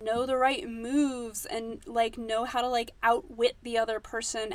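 A woman hosting a casual book-commentary podcast, talking in a slightly higher-than-usual voice. She is chatty and blunt, swears without hesitation, and fills her sentences with "like" as she explains her points. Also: no room sound. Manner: chatty, frank, swears freely, heavy use of "like". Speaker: podcast host.

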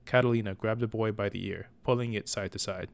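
Low-voiced man narrating a story. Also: fairly even intonation, a little fast, gravelly.

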